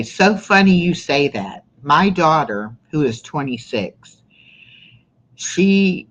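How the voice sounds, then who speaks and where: A woman's voice: rumbling low, muffled recording. A woman in her sixties, hosting a casual live-stream chat, talking in a rambling way with lots of "you know" and "um". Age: 60s. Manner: chatty, rambling with many fillers. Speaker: livestream host.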